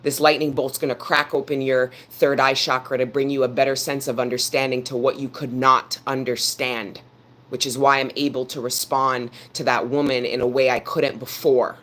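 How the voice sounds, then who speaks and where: A man's voice: mid-range voice, little pitch movement, normal speed, fairly bright tone. A man giving a live tarot reading, talking earnestly and preachily straight to his viewers and repeating phrases for emphasis. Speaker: tarot reader.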